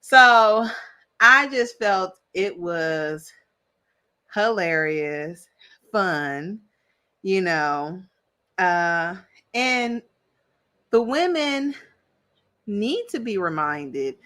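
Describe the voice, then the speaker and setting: A woman's voice: mid-range voice, animated, extremely slow, pauses often, pushed and bright. A woman giving a casual, sassy recap of a reality show, chatty and opinionated, with plenty of slang. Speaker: reality TV commentator.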